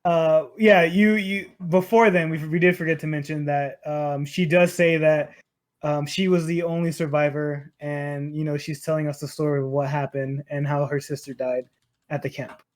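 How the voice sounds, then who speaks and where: A man recapping a film for his podcast co-hosts in loose, profane chat, full of fillers and restarts. His voice sits fairly high. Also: little pitch movement, normal speed. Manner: rambling, profane, lots of fillers. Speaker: podcast host. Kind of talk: casual movie recap chat.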